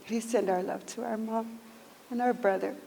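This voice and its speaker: A woman giving a funeral tribute to her father at a church service, speaking in measured, emotional phrases. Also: a little high, fairly even intonation, creaky, mellow. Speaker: eulogy speaker. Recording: echoey hall with faint noise.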